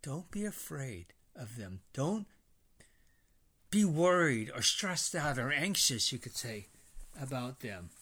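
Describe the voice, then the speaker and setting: Lively man teaching from the Bible. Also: mid-range voice, slow pace, slightly rough. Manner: lively, emphatic, repeats and rephrases points. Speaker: preacher.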